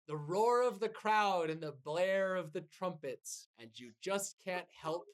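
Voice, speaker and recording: A game master running a tabletop game, narrating combat and rolls in a loose, chatty style. The voice sits in a middle pitch and stays casual, with frequent laughter. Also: lively intonation, a little slow.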